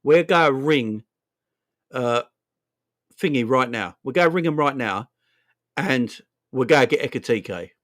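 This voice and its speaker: A young man from England hosting a fan live stream, animated and laughing, with lots of slang and repetition. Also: mid-range voice, measured pace, long pauses. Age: young adult. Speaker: fan channel host. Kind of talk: casual live-stream chat.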